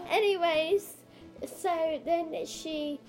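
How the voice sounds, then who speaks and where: A woman's voice: sits high, expressive, measured pace, darkish tone, faint music behind. A young woman co-hosting a podcast, telling a story in casual chat with lots of giggles. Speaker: podcast co-host.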